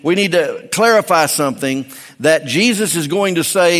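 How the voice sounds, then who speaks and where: A man's voice: fairly high pitch, moderate pace, a bit bright. A man preaching a sermon in a folksy, emphatic way on a pulpit mic in a church. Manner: folksy, emphatic, with frequent restarts. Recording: long hall reverb.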